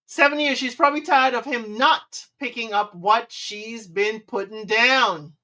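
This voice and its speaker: A woman's voice: a little high, unhurried, pushed and bright, distant mic. A woman hosting a live stream, giving relationship advice in a sassy way and humming disapproving mm-mm sounds. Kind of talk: casual live commentary.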